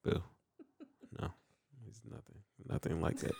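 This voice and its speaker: A man casually recapping an anime episode, animated and acting out the characters in quick voices. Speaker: podcast co-host recapping an anime. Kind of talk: casual chat.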